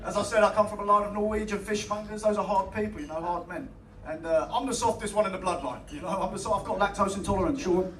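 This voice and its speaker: High-voiced young man doing stand-up. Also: quick pace, distant mic. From England. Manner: swearing, chatty crowd banter. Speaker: stand-up comedian. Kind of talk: stand-up comedy set. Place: small comedy club. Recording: echoey club room, mic heard from afar, loud crowd. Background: audience laughing.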